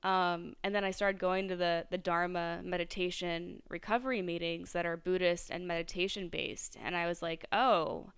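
A woman's voice: lowish voice, flat delivery, moderate pace, few pauses, clean tone, dry recording. A woman hosting a solo podcast, talking reflectively with lots of fillers and restarts. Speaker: podcast host.

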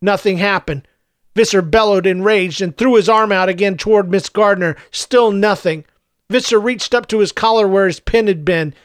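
A man narrating an audiobook in a steady storytelling manner. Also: sits high, normal speed, clear, resonant tone, no room sound. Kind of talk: scripted narration.

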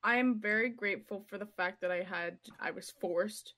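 A woman's voice: medium pitch, normal speed, sharp tone. Young woman streamer from Montreal, blunt and chatty. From Montreal, Canada. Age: young adult. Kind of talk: casual chat.

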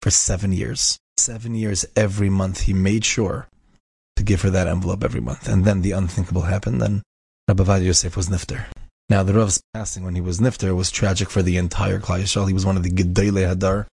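Male storyteller, low gravelly voice, close dry mic, emphatic and repetitive. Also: level tone, fast, darkish tone, no room sound. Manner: emphatic, repeats key phrases. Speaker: inspirational speaker. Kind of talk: inspirational storytelling talk.

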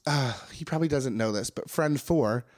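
A young man co-hosting a podcast, telling animated stories with acted-out quotes, laughing often and swearing casually. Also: medium pitch, moderate pace. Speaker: podcast co-host. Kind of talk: casual chat.

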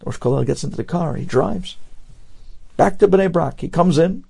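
A man telling a story in a lively, animated way, repeating words and acting out the characters. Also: fairly high pitch, normal speed, gravelly, slightly rough.

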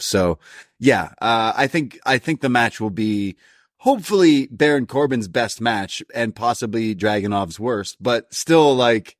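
A man's voice: medium pitch, lively intonation, a little slow, no echo, studio quality. A man co-hosting a podcast who chats casually and often restarts his sentences. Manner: hesitant, many restarts. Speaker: podcast co-host. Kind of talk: casual wrestling review chat.

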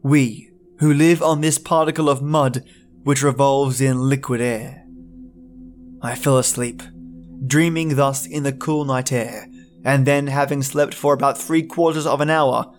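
A man's voice: medium pitch, steady tone, a little slow, a little hiss or hum. A man narrating a classic horror story in the first person, reading in an anguished, theatrical way as a podcast storyteller.

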